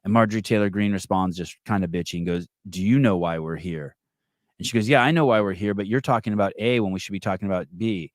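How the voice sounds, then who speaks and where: A man hosting a podcast, telling a story in casual chat, swearing often and getting animated. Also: on the low side, very fast, few pauses, dry recording, clean studio sound. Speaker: podcast host.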